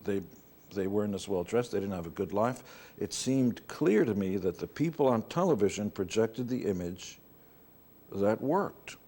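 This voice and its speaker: A middle-aged man from New York, speaking as an interview guest. His voice sits fairly low and has a dark, mellow tone. He tells candid stories in a blunt, wry way. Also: expressive, normal speed. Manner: blunt, wry anecdotes with playful put-on voices.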